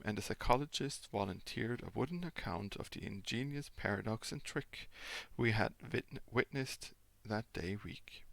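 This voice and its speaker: A man's voice: fairly low pitch, creaky, a bit bright, dry recording. A man whose first language is German, a father reading a classic novel aloud expressively, with occasional small slips.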